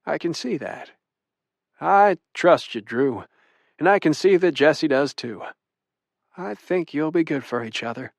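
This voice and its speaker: A protective old Southern grandfather with a drawl and a war veteran's gravity, as a male audiobook narrator puts him on. He speaks in a slightly raised register, measured and quietly intimidating, yet with tenderness underneath. The read is close and dry, with no room around it. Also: fairly high pitch, animated, no echo. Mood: earnest. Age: older. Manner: gruff and protective, softening to tender. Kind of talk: audiobook character voice.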